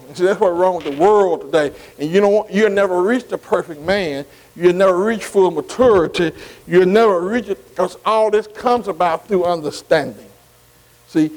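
An older preacher with a high-pitched voice, working through scripture in a loose, conversational sermon. He keeps checking in with his listeners, tossing in "see?" and "amen" between his points. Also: a little mellow, low-quality recording. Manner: repetitive call-and-response, many "see" and "amen" asides. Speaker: pastor. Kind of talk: bible study sermon.

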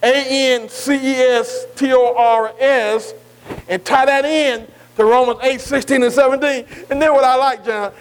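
A man preaching a sermon, who keeps asking his listeners "am I right?" and slowly spells out key words letter by letter. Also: extremely high pitch, steady tone, clean tone, rough recording. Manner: asks the congregation "am I right?" again and again.

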